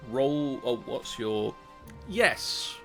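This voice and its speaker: A man running a live tabletop game as game master, relaxed and chatty. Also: medium pitch, extremely slow, gravelly, soft background music.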